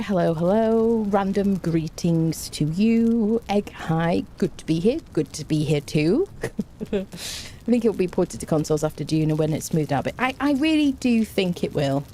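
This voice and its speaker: Lady streamer chatting away, lowish mellow voice, bit of faint hiss. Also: vocal fry. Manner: chatty, greets viewers one by one, quick laughs. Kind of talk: casual livestream chat.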